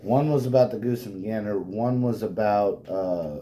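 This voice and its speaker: A man's voice: on the low side, normal speed, warm tone, a little hiss or hum. A man hosting a casual podcast, laid-back, mostly chiming in with short remarks while his co-host tells the story. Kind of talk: casual chat.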